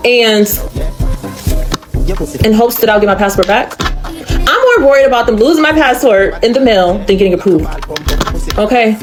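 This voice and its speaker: An American woman vents straight into her phone camera, exasperated and asking one rhetorical question after another. Her voice sits in a middle pitch, and faint music plays under her talk. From United States. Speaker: vlogger. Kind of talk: casual selfie video rant.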